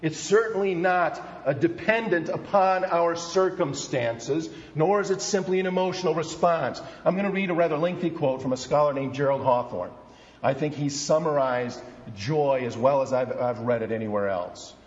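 An older man preaching a sermon, earnest and emphatic, slowing down to stress key words. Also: fairly high pitch. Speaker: pastor. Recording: muffled, reverberant hall.

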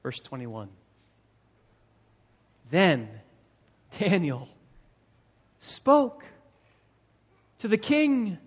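A man's voice: high-pitched, wildly swooping pitch, drawn-out words, long pauses, breathy edge. A male pastor preaching an expository sermon, emphatic and repeating phrases for stress, recorded in a church sanctuary. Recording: long reverb of a large hall.

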